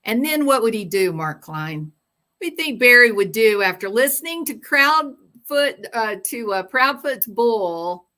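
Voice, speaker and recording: A woman with a mid-range, sharp-toned voice hosts a true-crime livestream. She chats casually, reading viewer comments aloud and wandering into sarcastic asides.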